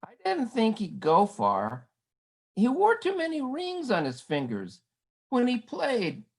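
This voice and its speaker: A woman reading her own poem at an online event, wry and lively, calling out counts in quoted lines. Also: fairly high pitch, slow, creaky, rough recording. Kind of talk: poetry reading. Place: home video call. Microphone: video call.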